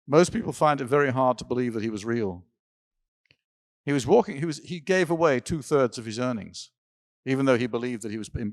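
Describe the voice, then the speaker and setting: A man's voice: mid-range voice, dry recording, clean studio sound. An older man in an interview, telling rambling personal stories with occasional laughs and restarts. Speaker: interview guest. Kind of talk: storytelling in an interview. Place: symposium stage.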